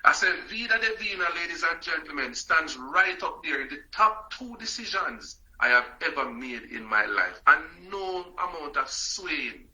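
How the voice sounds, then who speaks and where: Emphatic bright-voiced man. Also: fairly high pitch, animated, normal speed, few pauses, low-quality recording. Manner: emphatic, repetitive, calls out viewers by name. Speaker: product affiliate hosting a live stream. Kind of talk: motivational live stream talk.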